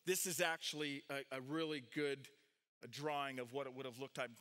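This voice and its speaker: A man preaching a sermon, swinging between loud, emphatic points and quiet asides. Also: fairly quick. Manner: animated preaching, rising loud on key points, dropping low and quiet for asides. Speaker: pastor.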